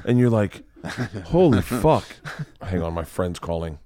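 A middle-aged man hosting a podcast, telling stories in a profane, animated way and acting out voices. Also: sits low, a little fast, no room sound, clean studio sound. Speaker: comedian podcast host. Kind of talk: casual chat.

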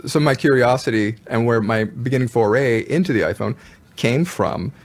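A man as a musician guest in an interview, telling his stories in a thoughtful, measured way. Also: medium pitch, expressive. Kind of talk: casual interview chat.

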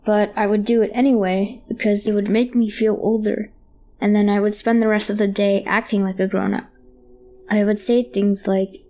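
A woman's voice: medium pitch, little pitch movement, moderate pace, mellow. A woman reading a horror story aloud in a child's hesitant first-person voice. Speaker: narrator. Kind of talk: scripted horror narration.

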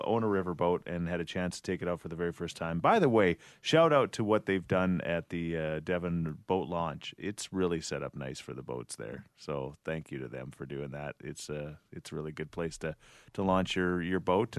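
A middle-aged man co-hosting a podcast, telling a long animated story and laughing along the way. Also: sits low, no echo, clean studio sound. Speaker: radio show co-host. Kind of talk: casual storytelling chat.

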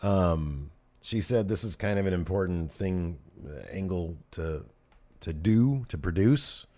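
Deep-voiced and unhurried, this man co-hosts a podcast where he chats casually about wrestling. He gets animated, often laughing, and sometimes leaves sentences unfinished.

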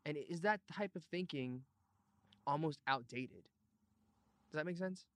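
A man hosting a podcast in casual chat, playful and rambling, drifting in and out of put-on accents, with loud bursts of enthusiasm. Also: a little high, unhurried, no room sound. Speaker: podcast host.

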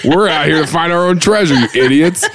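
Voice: medium pitch, a little fast, a crowd in the background. A podcast co-host trading sarcastic, teasing banter and laughing often.

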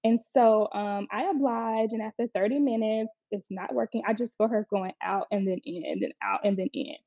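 Recounting how she gave birth, this young mother speaks casually and candidly, frequently quoting others with animated voices. She has a medium pitch, vocal fry, and a moderate pace. The audio is dry, slightly dull lo-fi without any echo.

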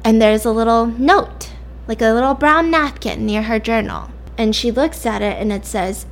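A young woman casually retelling a dramatic story, chatty and animated, with lots of fillers. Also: fairly high pitch, moderate pace, a little hiss or hum.

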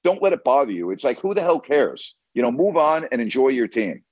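Blunt, emphatic sports radio host. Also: male voice, medium pitch, sing-song, fairly quick, darkish tone, no room sound, muffled recording. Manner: blunt, emphatic, repeats "okay" and "who cares". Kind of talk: call-in sports talk.

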